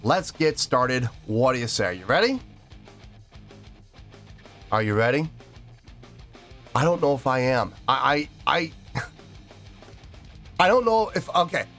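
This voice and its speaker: A man's voice: medium pitch, animated, unhurried, long pauses, fairly bright tone. Earnest man rambling about music. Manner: earnest, rambling, repeats himself. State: choked up, teary. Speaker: music reaction host. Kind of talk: casual reaction video talk.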